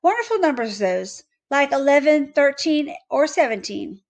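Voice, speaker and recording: A woman's voice: high-pitched, very animated. Woman reading as a testy number devil. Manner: boastful, lecturing, quick to shout. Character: temperamental mustached male number devil with walking stick.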